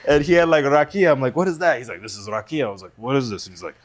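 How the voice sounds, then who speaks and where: A man's voice: mid-range voice, rapid-fire. An American man on a podcast, telling a personal story in a casual way and acting out the quoted lines. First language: English. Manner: animated storyteller, acts out quoted dialogue. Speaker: podcast guest.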